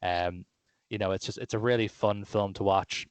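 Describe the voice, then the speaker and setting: Low-voiced man rambling about films. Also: fairly even intonation, normal speed, smooth, no echo. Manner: rambling, enthusiastic, many fillers and restarts. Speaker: podcast co-host. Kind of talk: casual film chat.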